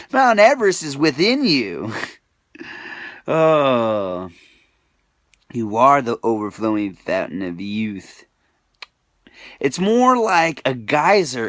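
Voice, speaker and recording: A man's voice: a little high, fairly bright tone, dry recording, clean studio sound. A young man telling a rambling, emotional personal story, full of filler words, swinging between mumbling and crying out. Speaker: vlogger.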